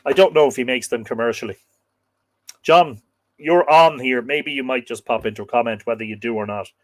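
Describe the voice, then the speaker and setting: An Irish man chatting easily as he hosts a live stream, greeting viewers one by one and joking along with them. His voice sits at an ordinary middle pitch and sounds close and dry, with almost no room sound around it. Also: brisk, no echo. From Ireland. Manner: chatty and playful, reading comments aloud. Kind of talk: casual live-stream chat reading viewer comments.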